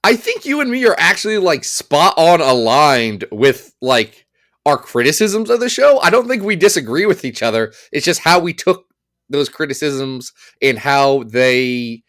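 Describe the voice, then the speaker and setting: A man's voice: medium pitch, big pitch swings, moderate pace, a bit bright. A man co-hosting a comics podcast in casual, joking chat, playful and self-mocking. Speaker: podcast co-host.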